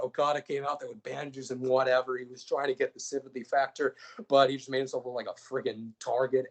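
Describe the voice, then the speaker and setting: A man's voice: mid-range voice, rough recording. A young man, a podcast co-host, casually recapping fantasy-booked wrestling matches, rambling and joking with lots of fillers.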